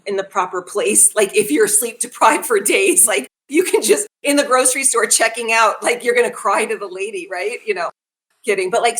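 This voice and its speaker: Chatty, animated woman guest. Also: mid-range voice. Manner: animated, asks listeners direct questions; laughs readily. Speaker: wellness guest. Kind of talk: conversational podcast talk.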